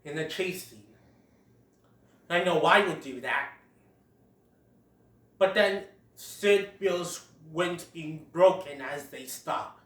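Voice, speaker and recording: Retelling a cartoon film play-by-play, this movie reviewer is casual and giggly, quoting lines along the way. The medium-pitched voice is slow and fairly bright with long pauses, and the distant mic picks up a roomy echo.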